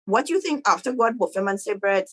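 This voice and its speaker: A woman preaching a casual, animated sermon to women, checking in with "right?" as she goes. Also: fairly high pitch, quick pace, breathy edge, low-quality recording. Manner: animated, conversational preaching with frequent "right?" to the audience. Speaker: women's ministry speaker.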